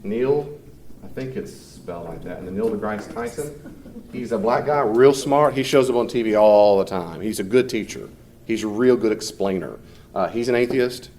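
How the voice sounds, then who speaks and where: A man's voice: lowish voice, normal speed, darkish tone, a little hiss or hum. A man teaching a class in a conversational, off-the-cuff way, fielding questions from students and often mimicking people in short quoted voices.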